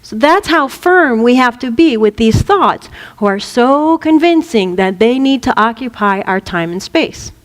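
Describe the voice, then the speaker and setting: A woman's voice: on the high side, expressive, measured pace, hardly any pauses, in a large hall. A woman minister giving a spiritual teaching talk, playful, laughing often and acting out little voices.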